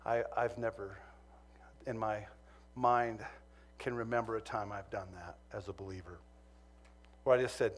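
A man's voice: lowish voice, a little slow. Man from Montana preaching through a story. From Montana, USA. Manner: humorous storytelling, growing earnest. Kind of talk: sermon with personal story.

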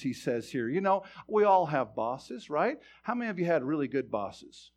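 Preaching man with big loud-quiet swings. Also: a little high, sing-song, moderate pace, few pauses. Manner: stammering restarts. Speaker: pastor. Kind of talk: sermon.

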